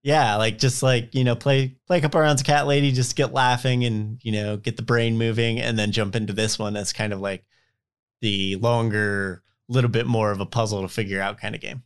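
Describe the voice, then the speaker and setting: A man's voice: mid-range voice, fairly even intonation, moderate pace, smooth. Guy rambling casually about board games, lots of likes and ums. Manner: rambling, many fillers and restarts. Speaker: podcast co-host. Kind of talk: casual board game chat.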